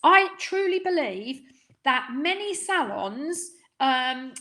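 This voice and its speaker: A middle-aged woman from London's East End, her accent lightly London with a Cockney undertone, coaches salon owners during a live webinar. Her voice is high and sharp, and she chats along with frequent ums and tag questions like "right?"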